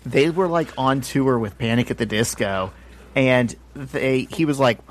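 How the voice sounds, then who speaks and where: A man co-hosting a casual comic-book podcast, relaxed and chatty, laughing often and swearing in passing. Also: mid-range voice, a little slow, slight background noise. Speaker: podcast co-host.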